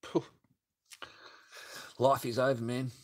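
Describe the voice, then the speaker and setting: This man runs a livestream, reading superchats aloud while laughing and ranting crudely and casually. His medium-pitched voice is delivered flatly and at a slow pace.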